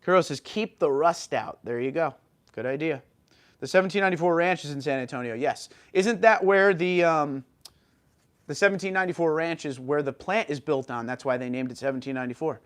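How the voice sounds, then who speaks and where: Fairly quick and on the high side, this man's voice carries a relaxed livestream where he reads out comments from viewers and responds cheerfully.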